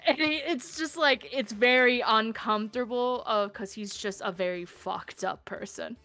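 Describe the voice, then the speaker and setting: A woman's voice: fairly high pitch, unhurried, pushed and bright, no echo, faint music behind. A woman guest on a streamed talk show, chatty and rambling, swearing casually and laughing a lot. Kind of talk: casual streamed interview chat.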